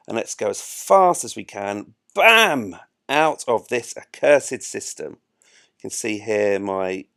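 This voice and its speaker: A man's voice: on the low side, gravelly, no echo, studio quality. A man giving chatty, self-mocking live commentary while he plays a space game. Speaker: gameplay streamer.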